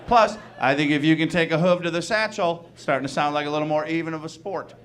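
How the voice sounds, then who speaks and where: A man's voice: a little high, fairly even intonation, quick pace, a bit bright. A man from Wisconsin doing a stand-up comedy set on a club stage, rambling and chuckling at his own jokes as he slips into mock voices.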